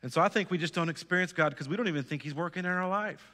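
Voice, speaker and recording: A man's voice: fairly high pitch, racing, bright, forceful tone, big-room sound. A man preaching a sermon as pastor, earnest, repeating phrases and putting direct questions to his congregation. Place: church sanctuary.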